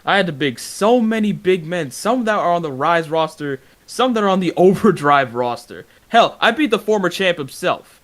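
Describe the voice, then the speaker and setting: A man with a fairly high voice cuts a cocky, boastful trash-talk promo at a wrestling press conference. He talks with swagger and gets heated and defensive when he is pushed. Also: expressive, normal speed, hardly any pauses. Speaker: wrestling league competitor.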